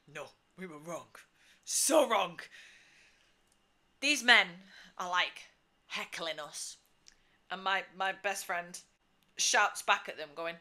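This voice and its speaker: A woman's voice: on the low side, takes it slowly, pauses often. A woman in her twenties, co-host of a casual podcast, telling a story animatedly and laughing often. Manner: animated, laughs often, acts out quotes loudly.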